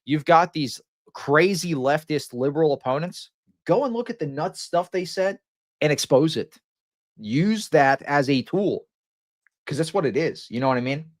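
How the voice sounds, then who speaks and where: A man's voice: on the high side, expressive, normal speed, no echo, studio quality. A man streaming live, commenting in a rambling, mocking way with lots of restarts and chuckles.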